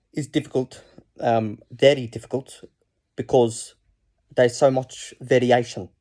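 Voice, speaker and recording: A man's voice: medium pitch, warm tone, natural voice. A man doing an earnest man.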